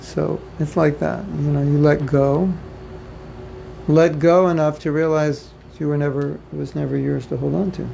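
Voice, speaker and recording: Man from the US, deep gravelly fry, dark mellow tone, casual spiritual lecture, faint room hum. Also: flat delivery, moderate pace, low-quality recording. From United States. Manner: conversational, joking asides, repeats himself. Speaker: spiritual teacher giving a class. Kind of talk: informal lecture to devotees. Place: home or temple room, faint ambience behind.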